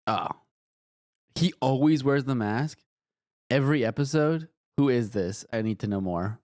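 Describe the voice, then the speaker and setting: A man's voice: medium pitch, lively intonation, unhurried, a little mellow, no room sound. Man streamer, casual reaction talk, wry swearing, dry close sound. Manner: wry, swearing, talks to himself while browsing.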